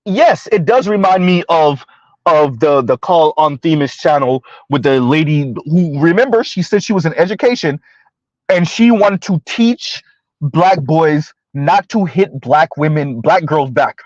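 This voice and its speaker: A man hosting a casual livestream, talking directly to his viewers and slowing down to make his points very deliberately. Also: on the high side, no room sound, muffled recording. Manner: addresses viewers directly, slows down to stress points; refers to himself in the third person. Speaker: livestream host reading chat comments.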